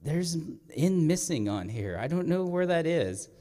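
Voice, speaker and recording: A storyteller playing a jittery eight-year-old boy, squeaking high and stammering in a flustered rush. The lines echo through a large performing arts hall. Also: sing-song, measured pace, mellow.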